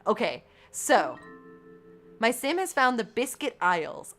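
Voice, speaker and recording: A young woman streaming a life-sim game, chatting to her viewers and often squealing with excitement. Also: a little high, measured pace. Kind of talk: gaming livestream chat. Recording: faint background game music.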